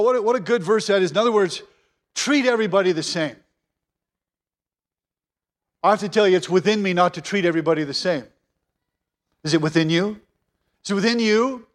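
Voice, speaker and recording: A man preaching a sermon as pastor, earnest and repeating phrases for emphasis. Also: high voice.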